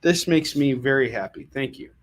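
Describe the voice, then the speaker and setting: A man's voice: mid-range voice, expressive, moderate pace. A man running a live comic book sale, full of puns and jokey sales patter.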